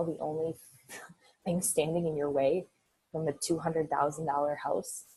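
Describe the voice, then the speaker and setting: A woman's voice: deep voice, a little mellow, breathy edge, rough recording. A woman in her thirties leading a team call, giving a candid, fired-up motivational talk with some casual swearing. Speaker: team leader.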